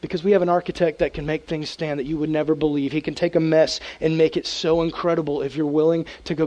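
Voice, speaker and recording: A man, a youth pastor, preaching a casual, animated sermon to teens and acting out prayers in a hushed voice. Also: on the high side, fast talker, few pauses.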